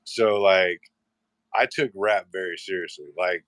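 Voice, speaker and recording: Low-voiced rambling, profane man. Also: measured pace, fairly bright tone, dry recording. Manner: rambling, profane, restarts often. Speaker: host. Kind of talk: casual live-show chat.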